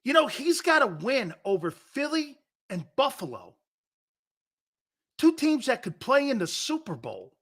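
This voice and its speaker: Middle-aged guy on a sports talk show, lively up-and-down voice, bright tone, keeps cracking himself up. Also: very high voice, measured pace. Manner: laughs often mid-sentence, rhetorical questions to the crew. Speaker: sports radio host.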